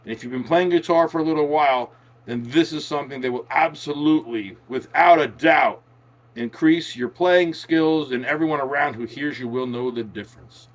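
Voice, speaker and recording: A man's voice: on the high side, a little fast. A man teaching guitar in a chatty, emphatic way, repeating key words and drifting into folksy asides. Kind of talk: casual instructional talk to camera. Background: guitar playing.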